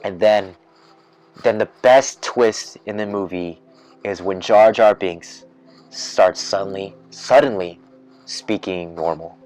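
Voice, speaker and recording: A man's voice: deep voice, slow. A man hosting a podcast in a casual rant, rambling with many fillers and restarts and getting worked up as he imagines things. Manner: grows excited and loud when imagining twists. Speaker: podcast host.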